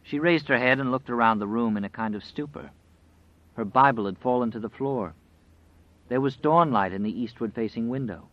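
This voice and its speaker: Man narrating an audiobook in a measured way. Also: mid-range voice, no room sound. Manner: measured, dramatic storytelling. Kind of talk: scripted narration. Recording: dry, slightly dull recording.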